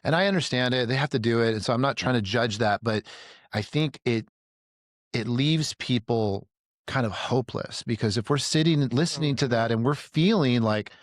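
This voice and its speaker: Animated man swapping stories, dry studio sound. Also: mid-range voice, moderate pace, dry recording. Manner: animated storyteller, swears freely, acts out quotes in a raised voice. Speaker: podcast guest. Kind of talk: casual group conversation.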